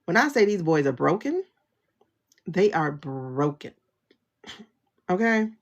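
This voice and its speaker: Sassy, gravelly woman ranting on a livestream. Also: lowish voice, slow, lo-fi sound. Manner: animated, laughing, sassy and blunt. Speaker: tarot reader and livestream host. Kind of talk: casual livestream rant. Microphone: phone livestream.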